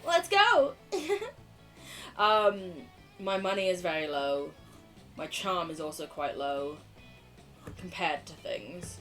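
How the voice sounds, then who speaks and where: A young woman streaming a video game, joking, swearing freely and reacting out loud as she plays, with faint game music behind. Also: on the low side, expressive, takes it slowly, pauses often, recorded from a distance. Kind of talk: casual let's-play commentary.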